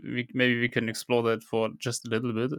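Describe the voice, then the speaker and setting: Smooth-voiced man, thoughtful podcast chat. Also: mid-range voice, monotone, fairly quick, fairly bright tone, dry recording, clean studio sound. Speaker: podcast co-host. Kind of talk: casual chat.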